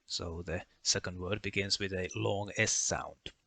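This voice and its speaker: Very deep-voiced man explaining methodically. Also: fairly even intonation, measured pace, creaky, sharp tone, no echo. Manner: methodical, listing one example after another. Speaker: language explainer. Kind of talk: explanatory voice-over lesson.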